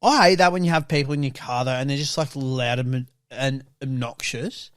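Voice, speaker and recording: A man's voice: mid-range voice, normal speed, a bit bright, no room sound, studio quality. A young man co-hosting a podcast, swearing freely and acting out the people in his car stories. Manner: sweary, acts out voices in anecdotes. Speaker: podcast co-host. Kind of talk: casual podcast banter.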